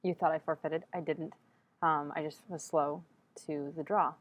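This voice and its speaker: A woman's voice: sits low, fairly even intonation, normal speed, narrow, tinny audio. A young woman vlogging in a casual, rambling way, chatty and exasperated, acting out quoted exchanges. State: sleepy at first, speaking quietly in public. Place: empty library vestibule, indoors.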